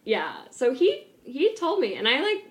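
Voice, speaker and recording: A woman's voice: high-pitched, huge pitch swings, unhurried, roomy sound. A young woman co-hosting a podcast, chatting casually and giggling through gossip with lots of fillers. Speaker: podcast co-host.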